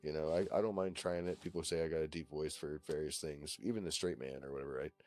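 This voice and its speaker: Deep-voiced rambling Virginia man. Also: steady tone, fast talker, darkish tone, no echo. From Virginia, USA. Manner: rambling, profane, full of fillers. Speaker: voice-call participant. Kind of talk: casual chat on a voice call.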